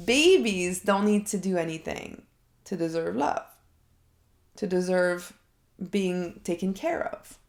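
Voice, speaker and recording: A woman's voice: mid-range voice, measured pace, pauses often, roomy sound. A woman coach talking herself through an unscripted coaching session, reflective and thinking aloud. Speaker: life coach. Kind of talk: unscripted self-coaching monologue.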